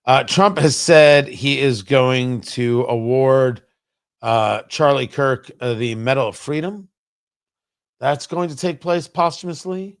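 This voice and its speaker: A man's voice: medium pitch, slow pace, clean tone. A middle-aged man hosting a political commentary livestream, firing off sarcastic, heated rhetorical questions. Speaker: talk show host.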